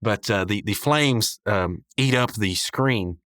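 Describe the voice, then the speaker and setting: A man's voice: fairly low pitch, slow pace, fairly bright tone, no echo, studio quality. A man hosting a podcast, recapping a cartoon episode in a loose, rambling way, full of fillers and little chuckles. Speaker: podcast host.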